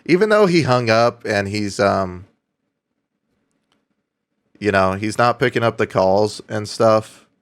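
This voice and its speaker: A man's voice: lowish voice, animated, slow pace, long pauses. A young man live-streaming in a casual chat, swearing freely, laughing often and reading out viewer donations.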